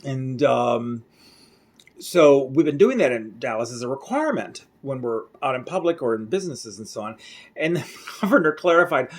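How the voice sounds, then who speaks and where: Brief: rambling vlogger man, grew up in Mexico, American English accent, mid-pitched, home diary chat. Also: big pitch swings, moderate pace. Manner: rambling, chatty, self-correcting. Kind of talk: casual daily video diary.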